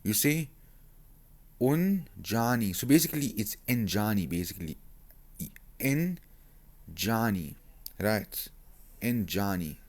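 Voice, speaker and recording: A man's voice: lowish voice, big pitch swings, normal speed, a little mellow. A man tutoring a Zulu lesson online, spelling words letter by letter and asking rhetorical questions as he explains.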